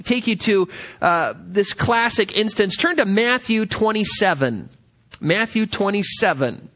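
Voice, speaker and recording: A man teaching a Bible study lecture, directing listeners to passages and reading scripture aloud slowly with emphasis. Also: high voice, sharp tone.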